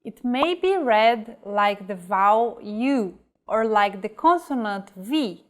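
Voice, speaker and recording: A woman teaching a scripted pronunciation lesson, reading example words slowly and carefully. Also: medium pitch, expressive. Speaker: language teacher.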